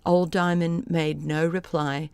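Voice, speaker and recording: A woman narrating a classic children's novel as an audiobook, in an even storytelling read. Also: sits low, takes it slowly, smooth, no echo. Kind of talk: scripted narration.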